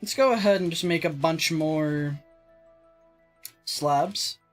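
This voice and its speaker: A Texan woman with a low voice speaks slowly over soft background music while hosting a let's play. Her gaming commentary is casual and rambling as she builds, jokey and self-mocking, with some swearing.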